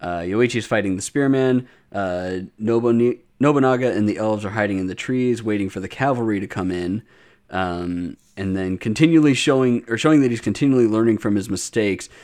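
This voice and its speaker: A man's voice: fairly low pitch, brisk, darkish tone. A young man, a podcast co-host, recaps an episode in casual chat, rambling with many fillers and restarts.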